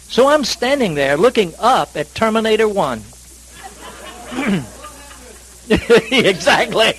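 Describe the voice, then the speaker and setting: Folksy preacher, higher voice. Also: male voice, poor audio. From North Carolina, USA. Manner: folksy, self-deprecating, dramatic swings in pitch and loudness. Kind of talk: sermon with humorous storytelling. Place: church service.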